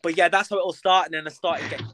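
A young adult theatre performer from North West England chats as an interview guest, self-mocking and packed with ums and likes. His voice sits high and a bit bright, steady in tone, and he talks very fast in this casual conversation.

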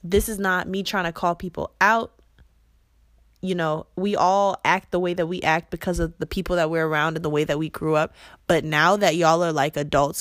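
A young woman hosting a podcast, delivering a blunt, profane, impassioned monologue that swings between yelling and quiet intensity. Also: deep voice, dry recording, studio quality. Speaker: podcast host.

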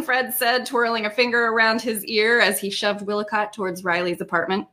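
A woman's voice: medium pitch, normal speed. A woman author on a video call reading aloud from her own novel, with laughing asides. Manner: lively reading with laughs and self-aware asides.

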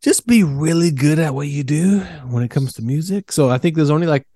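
A man's voice: on the high side, lively intonation, brisk, warm tone, dry recording. A young adult man co-hosting a casual podcast chat, laid-back and rambling, swearing now and then. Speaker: podcast co-host.

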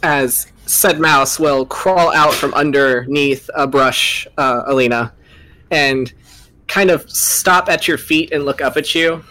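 Woman DM, casual tabletop game, flustered and apologetic, quick to laugh. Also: low-pitched, pushed and bright, poor audio. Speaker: dungeon master. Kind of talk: running a tabletop game with friends.

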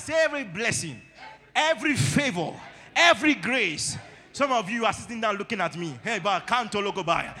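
Pastor guy preaching, bright sharp voice, big church reverb, shouts back at the crowd. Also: high voice, lively intonation, moderate pace. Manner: call-and-response preaching, building to shouts. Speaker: lead pastor. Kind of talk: sermon. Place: church hall. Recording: long reverb of a church hall.

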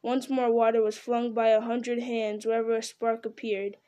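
A woman narrating an audiobook in a measured, dramatic storytelling manner. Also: fairly high pitch, little pitch movement, dark tone. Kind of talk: audiobook reading.

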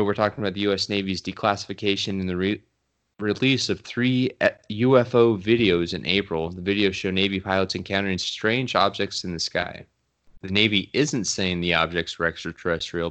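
Man, very low voice, podcast co-host, reads news aloud, dry wry chat. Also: fairly bright tone.

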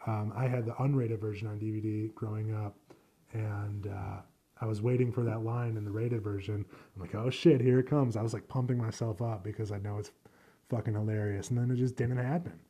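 A man's voice: lowish voice, fairly even intonation, fairly quick, mellow, slightly rough. A man hosting a solo podcast, chatting casually in a rambling, profane, self-deprecating way. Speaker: podcast host.

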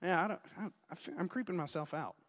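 A man's voice: fairly high pitch, fast. Joking man preaching in a reverberant hall. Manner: self-deprecating, joking, storytelling, bursts of loud preaching. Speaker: student pastor, guest preacher. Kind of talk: sermon. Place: church sanctuary. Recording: long reverb of a large hall.

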